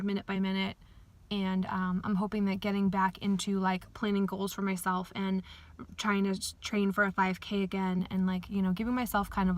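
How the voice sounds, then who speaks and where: Flat-voiced woman rambling through a vlog update. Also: medium pitch, no echo. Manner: candid and rambling, full of "um" and "like"; speaks plainly about grief and dieting. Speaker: vlogger. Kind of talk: casual personal video update.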